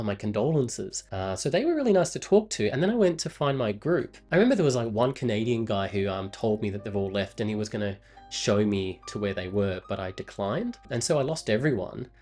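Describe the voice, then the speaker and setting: An Australian vlogger in his twenties tells a travel story with an Australian accent, rambling casually with many fillers and self-corrections. His voice is fairly low and a little mellow.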